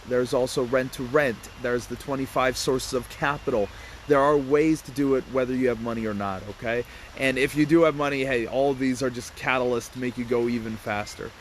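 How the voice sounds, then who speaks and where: A man's voice: medium pitch, slight background noise. A man casually telling a property investment story to his audience, acting out the voices of the people in it with a laugh, and greeting passers-by as he goes. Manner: acts out dialogue in quick asides, laughs between points; greets passers-by mid-talk.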